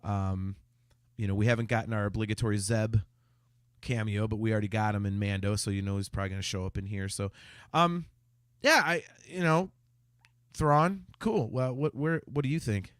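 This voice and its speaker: A man's voice: lowish voice, fairly even intonation, normal speed, a bit bright, clear, resonant tone, no room sound, clean studio sound. A man co-hosting a casual fan podcast, often restarting his sentences and reading out viewer comments. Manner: hesitant, stammering restarts, reads viewer comments. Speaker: podcast co-host. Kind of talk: casual chat.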